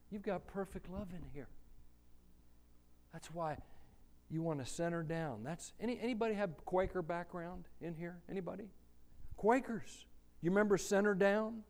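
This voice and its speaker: A male preacher giving a sermon in a church, slow and conversational, asking the congregation questions. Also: sits high, a little mellow.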